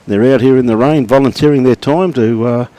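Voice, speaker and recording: A middle-aged Australian man doing relaxed live commentary on lawn bowls, chatting and greeting viewers by name. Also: medium pitch, brisk.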